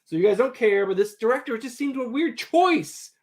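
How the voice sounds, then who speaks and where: A man co-hosting a casual livestream chat, talking in animated, defensive bursts that jump to loud exclaiming. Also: very high-pitched, brisk. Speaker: co-host.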